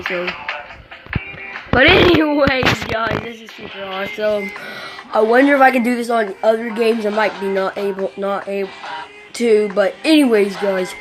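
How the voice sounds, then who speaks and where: A woman giving rambling, excitable commentary while playing a mobile game, swearing a lot, recorded on a phone mic. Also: on the high side, moderate pace. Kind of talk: casual gameplay commentary. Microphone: phone microphone during screen recording. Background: game music.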